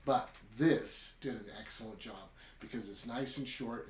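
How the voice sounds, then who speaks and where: Man, podcast host, casual rambling talk, mid-pitched voice, echoey room sound. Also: normal speed, few pauses. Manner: chatty, rambling, keeps adding "right?". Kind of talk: casual story recap and review. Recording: roomy echo.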